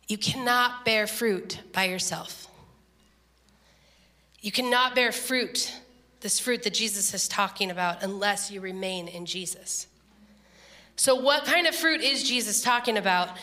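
A woman preaching a sermon, telling a story with lively, laughing quotes. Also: medium pitch, unhurried, pauses often, long reverb tail. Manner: animated storytelling, laughing, voice jumps up when quoting. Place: church.

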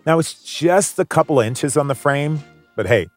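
A man's voice: a little high, animated, moderate pace, faint music behind. A man narrating a documentary in a polished, wry scripted voice-over.

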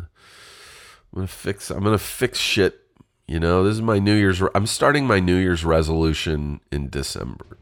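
A middle-aged man chats on his own podcast in a rumbling low voice full of vocal fry. Candid and self-deprecating, he swears casually and sounds somewhat stuffed up.

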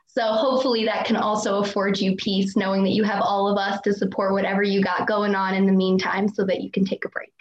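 Woman, monotone, hopeful birthday wish, lo-fi roomy recording. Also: medium pitch, fairly quick, hardly any pauses. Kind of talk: birthday message. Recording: dull echoey audio.

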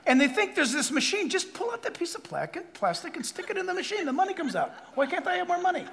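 A man preaching a sermon as pastor to a congregation, animated and emphatic, with asides and quoted voices. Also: very high voice, quick pace, a faint crowd. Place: church hall before a congregation. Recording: long reverb of a large hall. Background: audience laughter.

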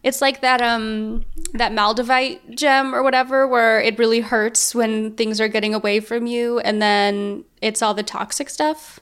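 A woman's voice: a little high, fairly even intonation, a little slow, hardly any pauses, a bit bright, clear, resonant tone. A young woman co-hosting a podcast, chatting casually and rambling with lots of fillers. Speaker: podcast co-host. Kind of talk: casual chat.

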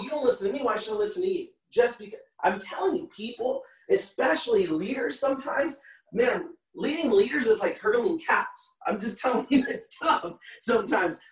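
Animated man telling stories, roomy distant sound. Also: extremely high pitch. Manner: animated, acts out quotes, repeats himself. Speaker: podcast guest, motivational speaker. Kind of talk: storytelling in a podcast interview. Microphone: call recording.

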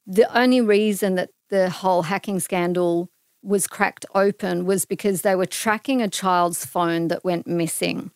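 Smooth-voiced woman telling a story. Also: fairly low pitch, a little slow, no room sound, studio quality. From Australia. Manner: animated, acts out dialogue in her stories. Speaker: guest. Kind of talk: casual interview storytelling.

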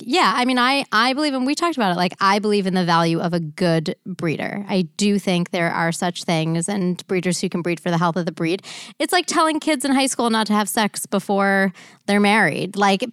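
A woman hosting a podcast, talking quickly and digressively in casual chat. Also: mid-range voice, clean tone, no echo, clean studio sound. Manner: quick, digressive, restarts often. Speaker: podcast host.

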